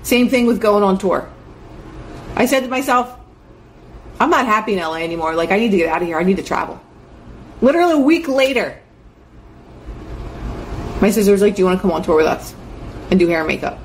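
A woman's voice: medium pitch, lively intonation, brisk, long pauses, a little hiss or hum. A young adult woman giving an earnest, chatty motivational talk, full of fillers like "like". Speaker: host.

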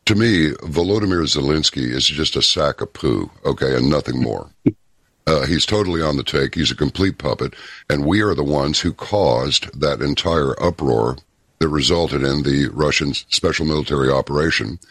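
Man, very low voice, husky, talk show host, storytelling, opinionated. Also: dry recording, clean studio sound. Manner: folksy, opinionated, storytelling with pauses. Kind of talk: casual talk radio commentary.

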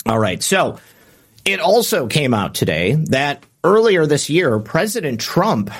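A man's voice: a little high, very animated, measured pace, slightly rough. A man hosting a political commentary show, reading out quotes and adding sarcastic remarks with frequent "uh" fillers. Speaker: political commentary podcast host.

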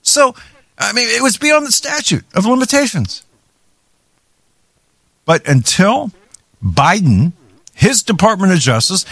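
A man's voice: high voice, no echo. A man hosting a talk show, giving heated political commentary with many restarts and stumbles. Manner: heated, ranting, with frequent restarts.

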